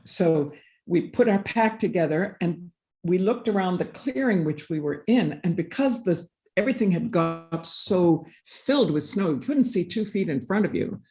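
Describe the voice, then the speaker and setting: A woman on a panel tells a personal story in a live session, earnest and reflective, acting out the dialogue she quotes. Her voice is lowish and darkish, with lively intonation at a normal speed.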